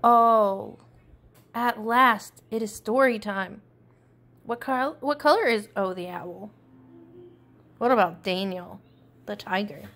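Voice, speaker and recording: A woman's voice: medium pitch, slow pace, long pauses, fairly bright tone. A woman voicing a friendly owl librarian who hoots and speaks in a sing-song way.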